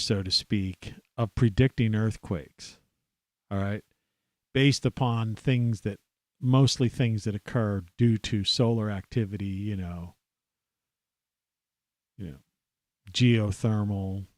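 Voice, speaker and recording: A man's voice: fairly low pitch, fairly even intonation, measured pace, darkish tone, no room sound. Profane, ranting American man. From United States. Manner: angry, swearing, rambling with many fillers. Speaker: podcast host.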